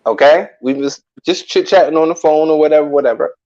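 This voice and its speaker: A man telling a personal story in casual chat, animated and loose with street slang, acting out what people said. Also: a little high, a little fast, dull audio. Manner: animated, acts out quoted lines loudly, salty slang.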